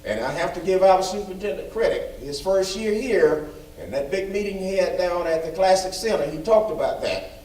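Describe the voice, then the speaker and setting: A man's voice: high voice, lively intonation, normal speed, darkish tone. A man giving an emphatic, folksy report at a school board meeting, repeating phrases for stress. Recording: echoey room, far from mic.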